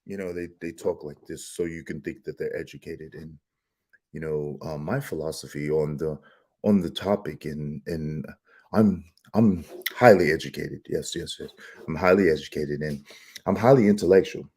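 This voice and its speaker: A man mocking a hushed, pompous know-it-all. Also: extremely low pitch, husky, voice pushed down. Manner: slow, hushed, self-important drawl. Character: smug pompous self-styled intellectual man.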